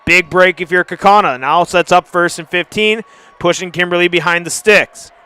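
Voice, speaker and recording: A man calls a high school football game play by play from the stadium, chatty between snaps and surging to shouts when a big play breaks. His voice sits high and rings bright. It comes through smooth and clean. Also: moderate pace. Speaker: play-by-play announcer.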